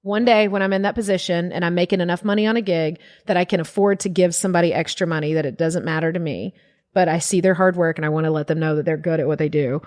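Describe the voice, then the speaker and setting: Woman comic, young adult, lowish voice, animated storyteller who acts out quotes. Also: quick pace. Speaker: guest comedian. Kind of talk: casual storytelling.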